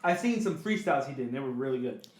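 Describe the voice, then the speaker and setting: A man's voice: medium pitch, expressive, fast. A man co-hosting a podcast in casual chat, laid-back and jokey with slangy phrasing. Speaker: podcast co-host. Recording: echoey room.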